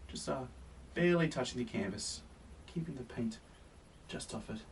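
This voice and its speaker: Gentle soft-spoken man teaching painting. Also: mid-range voice, animated, normal speed. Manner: gentle and encouraging, often sinks to a soft near-whisper. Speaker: painting tutorial host. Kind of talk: painting demonstration. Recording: slightly distant mic with faint hiss.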